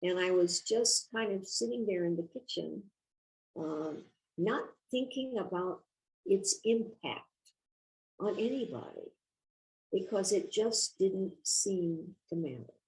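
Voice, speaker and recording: Older female guest, gravelly tone, reflective and measured, casual conversational storytelling. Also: mid-range voice, lively intonation, darkish tone, poor audio. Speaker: guest author.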